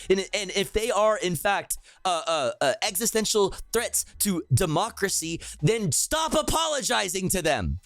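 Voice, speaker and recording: A young man with a fairly high voice rants live on stream, swearing and repeating himself in exasperation. His voice is dry and close, with faint music underneath. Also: fairly bright tone, dry recording. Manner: profane, exasperated, repetitive. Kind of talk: live political rant.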